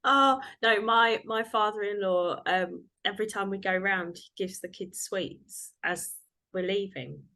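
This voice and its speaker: A woman's voice: medium pitch, a little slow, pushed and bright. Laughing woman host telling stories. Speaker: podcast host. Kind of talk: casual chat.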